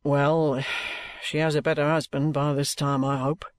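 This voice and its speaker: A man's voice: on the high side, little pitch movement, normal speed, no echo, natural voice. A man reading an audiobook, voicing a penitent old trooper who speaks in a subdued, apologetic way. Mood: rueful. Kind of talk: audiobook character voice.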